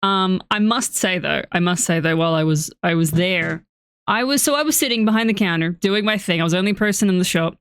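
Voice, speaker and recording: A woman's voice: fairly low pitch, brisk, clean tone, no echo. Chatty Australian woman streamer, dry mic. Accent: Australian, blended with Canadian. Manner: chatty, swearing, self-mocking storytelling. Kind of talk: casual chat while playing a game.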